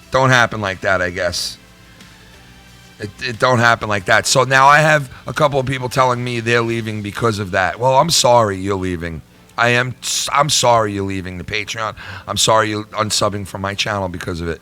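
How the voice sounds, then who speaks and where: A middle-aged man hosting his own YouTube channel delivers a heated, profane rant to viewers, circling back to the same things repeatedly. His medium-pitched voice sounds pushed and bright, moving fairly quickly over faint music.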